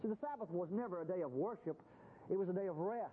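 A man with a high voice and quick pace preaches a Bible-teaching sermon in a folksy, conversational manner, acting out quotes in different voices. It comes through a tinny, phone-like radio broadcast with faint hiss.

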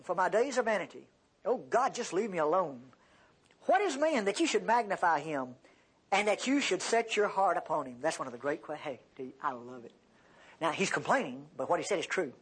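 Husky, animated male Bible teacher. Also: moderate pace. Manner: animated, acts out quoted speech with big pitch jumps; conversational, addresses the class directly.

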